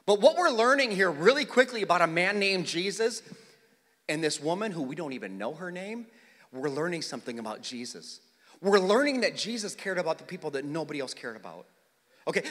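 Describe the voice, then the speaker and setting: A man preaching a sermon, swinging between loud calls and hushed tones, acting out the people in the story. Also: sits high, long reverb tail. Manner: animated, swings from loud to hushed, acts out voices. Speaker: pastor.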